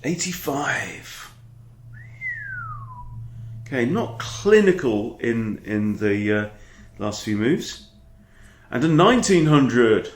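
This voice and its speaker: Chess coach chatting through his game, animated, sounds a bit roomy. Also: mid-range voice, takes it slowly, slight background noise. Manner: chatty, animated, breaks off to scold his dog. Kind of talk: casual game commentary. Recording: echoey room.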